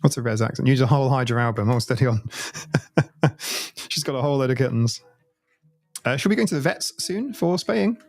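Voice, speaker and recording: A British man hosting a casual live stream from his home. He rambles and keeps breaking into giggles, and his voice sits at a medium pitch. Faint music plays in the background. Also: brisk, long pauses, no echo, clean studio sound. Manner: giggly, chatty, laughs often, rambling. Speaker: livestreamer. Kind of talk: casual livestream chat.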